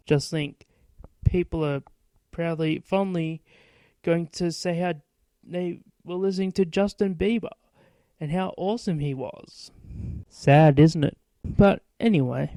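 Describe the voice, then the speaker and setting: A man's voice: fairly high pitch, dark tone, smooth, no room sound, rough recording. A man in his late twenties hosting a podcast, rambling through stories in a casual monologue full of swearing. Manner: profane, rambling storytelling. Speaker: podcast host.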